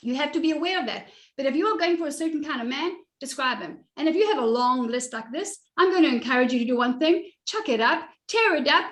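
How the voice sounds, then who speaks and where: Middle-aged woman coach, blunt and teasing, laughs a lot, high voice in an echoey room. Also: animated, fast talker, hardly any pauses. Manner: bold, direct and teasing, laughs often. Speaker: style and confidence coach. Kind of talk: live coaching talk to an online group.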